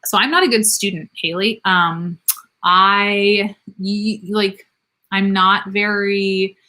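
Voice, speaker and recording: A woman's voice: mid-range voice, fairly even intonation, slow, bright, forceful tone. A woman in her thirties, a nurse practitioner, answering viewer comments in a candid, self-deprecating live Q&A. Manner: chatty, candid and self-deprecating, with frequent laughs.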